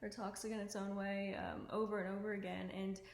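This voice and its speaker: A woman's voice: mid-range voice, little pitch movement, fairly quick, gravelly. A woman giving self-improvement advice to camera at home, talking casually and earnestly, with lots of "like" and "um". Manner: earnest and chatty, full of "like" and "um". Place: at home indoors. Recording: echoey room with faint ambient noise.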